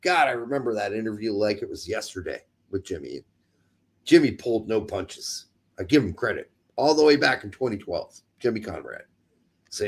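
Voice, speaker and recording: A man co-hosting a casual soccer chat, ranting and mocking claims in quick sarcastic bursts. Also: lowish voice, slightly rough. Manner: animated, ranting, sarcastic mimicry. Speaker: podcast co-host.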